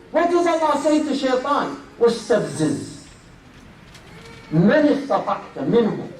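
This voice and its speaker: A man preaching a sermon, speaking emphatically and posing rhetorical questions. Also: extremely high pitch. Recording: echoey room, distant mic.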